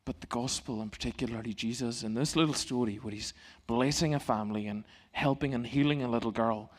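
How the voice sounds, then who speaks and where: A middle-aged male pastor giving a sermon in a church, in a calm, gentle, conversational way. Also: mid-range voice, brisk.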